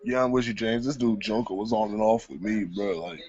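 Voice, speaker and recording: A man's voice: lowish voice, a little fast, a little mellow, husky, no room sound, lo-fi sound. A man co-hosting a casual movie chat, talking blunt and slangy. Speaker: co-host, film reviewer.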